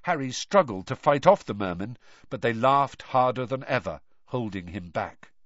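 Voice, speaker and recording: A man reading a story aloud as narrator, measured and expressive. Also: medium pitch, no echo, dull audio. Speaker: audiobook narrator. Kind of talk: scripted narration.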